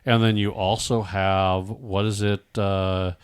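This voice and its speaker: A man in his forties hosts a casual podcast chat in a somewhat low voice. He talks in an easygoing, halting way, stumbling over his words and restarting sentences. The sound is dry and close, with no room around it. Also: level tone, clear, resonant tone, no echo. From Nebraska, USA. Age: 40s. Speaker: podcast host.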